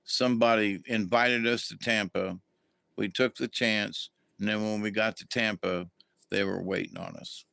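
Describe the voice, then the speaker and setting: A man's voice: lowish voice, steady tone, moderate pace, creaky, sharp tone, dry recording. A middle-aged man, telling a rambling, folksy story as a livestream host and greeting viewers along the way. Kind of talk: casual storytelling to a live chat.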